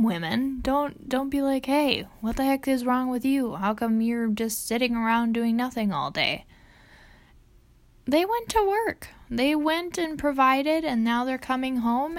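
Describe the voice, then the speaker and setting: A woman's voice: fairly high pitch, dry recording. A young adult woman hosting a podcast, talking casually and earnestly, acting out quoted lines as she goes. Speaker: podcast host. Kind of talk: casual personal talk.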